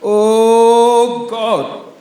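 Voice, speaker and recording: Loud Nigerian stand-up comedian, echoey venue. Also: male voice, extremely high pitch, monotone, drawn-out words, faint music behind. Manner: loud, punchy storytelling in pidgin. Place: comedy stage.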